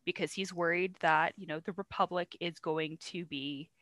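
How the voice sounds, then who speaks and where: A woman's voice: on the low side, fairly even intonation, moderate pace, a bit bright, dry recording. A young woman co-hosting a podcast, retelling a play in casual, swearing slang and acting out the characters in bits. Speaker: podcast co-host.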